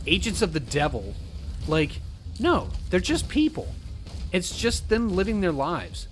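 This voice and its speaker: A man with a slightly high-pitched voice, ranting casually and swearing freely. He drops into quick mocking impressions of other people. Faint music plays behind him. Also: fairly bright tone. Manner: ranting, swears often, mimics others in quotes. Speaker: streamer.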